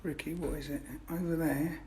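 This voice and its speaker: A man's voice: fairly high pitch, fairly even intonation, normal speed, warm tone, slight background noise. A man with an English accent, chatting casually on a live stream outdoors by a fishing lake. He rambles and interrupts himself. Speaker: fishery owner streaming live.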